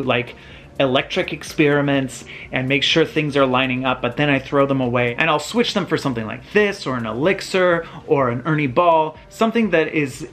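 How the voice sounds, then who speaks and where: A man hosting his own channel, casually walking viewers through a hands-on guitar tutorial in his home workshop, explaining step by step. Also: a little high. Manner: relaxed, explains step by step, some restarts. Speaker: guitar builder and channel host.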